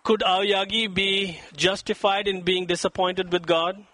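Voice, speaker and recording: A man preaching a sermon in a high, bright voice, and he throws himself into the quoted lines with dramatic emphasis. The sound is dry and close, with no room echo. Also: level tone, measured pace. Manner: dramatic, acts out quoted voices with rising pitch. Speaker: pastor.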